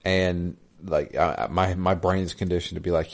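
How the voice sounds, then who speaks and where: Relaxed man with a lowish voice. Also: moderate pace. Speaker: podcast co-host. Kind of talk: casual chat about video games.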